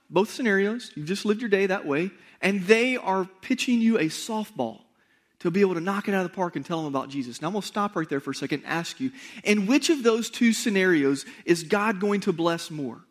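Speaking a little fast in an animated, high-sitting male voice, a pastor addresses his congregation directly in a conversational sermon. He leans on rhetorical questions and repeats points for emphasis.

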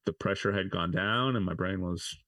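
A man's voice: sits low, normal speed, a bit bright, no room sound. A man, likely in his thirties, as a podcast guest telling personal stories in a rambling way, with many "like" fillers and restarts. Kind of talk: casual interview storytelling.

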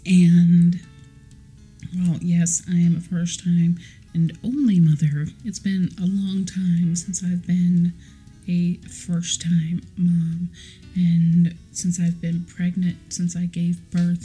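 A woman chatting on her solo podcast in a slow, unhurried drawl. Her voice is very dark and mellow and strongly breathy, and it stays fairly low and even. She rambles affectionately and stops to correct her own words. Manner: rambling, affectionate, corrects herself mid-sentence. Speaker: podcast host. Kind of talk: casual solo podcast chat.

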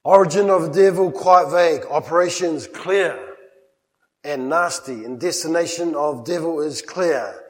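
A man's voice: fairly high pitch, a little slow, in a large hall, rough recording. A man preaching a sermon, emphatic and with playful humorous asides. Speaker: pastor. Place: church.

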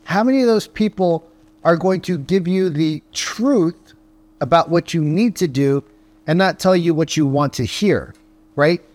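A man's voice: a little high, a little mellow. A man talking as a sales coach, firing off rhetorical questions and tagging his points with "right?". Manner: punchy rhetorical questions, frequent "right?" tags; acts out phone calls in quick voices. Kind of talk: motivational podcast monologue.

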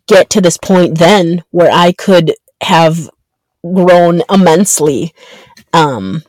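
A woman in her thirties hosting her own podcast, talking earnestly and haltingly with many ums and restarts. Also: on the low side, a little mellow, dry recording. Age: 30s. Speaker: podcast host. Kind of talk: reflective solo podcast monologue.

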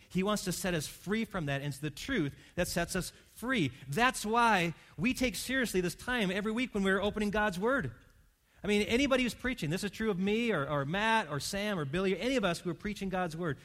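A male pastor preaching a conversational sermon in church, swinging between loud emphatic lines and hushed quiet ones. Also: high voice.

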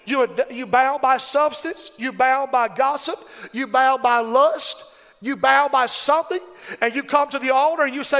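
High-voiced impassioned male preacher, reverberant hall. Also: normal speed, creaky, sharp tone. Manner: impassioned, rhythmic call-and-response preaching. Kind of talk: sermon.

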